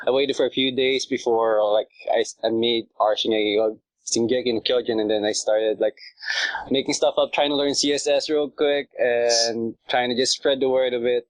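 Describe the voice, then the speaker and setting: A man's voice: medium pitch, steady tone, brisk, dry recording, poor audio. Casual rambling man, dry sound. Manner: rambling, lots of fillers and laughs. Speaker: podcast guest, subreddit creator. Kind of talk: casual chat.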